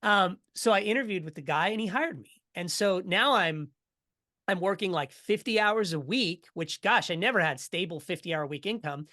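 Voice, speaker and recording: A middle-aged man, a podcast guest, telling his story in a casual, energetic way and acting out what others said. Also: high voice. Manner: energetic, animated storyteller who acts out quotes.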